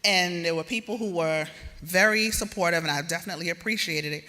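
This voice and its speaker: A woman giving a speech at a gala, lively and laughing as she coaxes the crowd. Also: on the low side, fairly quick. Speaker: award presenter and gala speaker. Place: large event hall with a crowd. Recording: echoey hall with crowd murmur.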